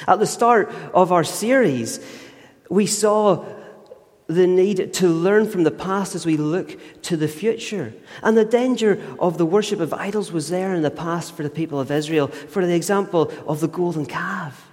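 A man's voice: high voice, normal speed, a little mellow. A man preaching a sermon, telling a story earnestly and emphatically. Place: church. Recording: long church reverb.

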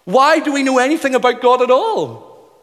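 A man's voice: very high-pitched, lively intonation, moderate pace, fairly bright tone. A man preaching a sermon in earnest, building emphasis through repeated phrases. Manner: earnest, emphatic, rhythmic repetition. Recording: long hall reverb.

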